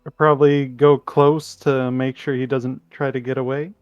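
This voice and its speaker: A man speaking slowly and deliberately as a player in a tabletop game. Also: mid-range voice, flat delivery, clear, resonant tone, no room sound, dull audio. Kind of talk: casual play at a tabletop game.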